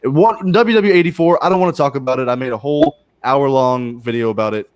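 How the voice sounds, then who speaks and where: A man's voice: medium pitch, fast talker, clear, resonant tone, no room sound. A man on a casual livestream panel, giving blunt, exaggerated opinions and stumbling over his words. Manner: blunt, hyperbolic, stumbles and restarts. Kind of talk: casual chat.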